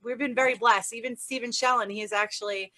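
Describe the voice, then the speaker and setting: Female radio guest, bright voice, friendly and easygoing. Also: on the high side, fairly even intonation, quick pace. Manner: friendly, laughs easily. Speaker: guest, documentary maker. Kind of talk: casual radio interview.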